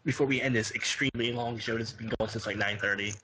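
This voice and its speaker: A man's voice: mid-range voice, fairly even intonation, fast, bright, forceful tone, slight background noise, low-quality recording. A man hosting a casual wrestling podcast, loose and joking, laughing often. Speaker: podcast host. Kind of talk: casual chat.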